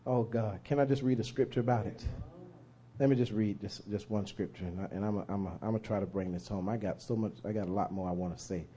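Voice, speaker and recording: A man preaching a sermon, telling a story with fervor and swelling to shouts. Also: fairly low pitch, fairly even intonation, fast talker, slight background noise.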